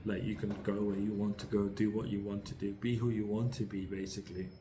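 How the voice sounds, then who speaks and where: A man's voice: on the low side, flat delivery, a little fast, dark tone, a little hiss or hum. A British man giving a casual, rambling tarot reading, upbeat and full of fillers and restarts. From United Kingdom. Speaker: tarot reader.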